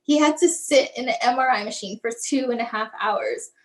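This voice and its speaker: Woman with a high voice telling her son's story, acts out the back and forth, lots of "like" and "um". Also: fairly quick, rough recording. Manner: acts out remembered dialogue, frequent "like" and "um". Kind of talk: emotional personal storytelling. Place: lives in the Tampa area.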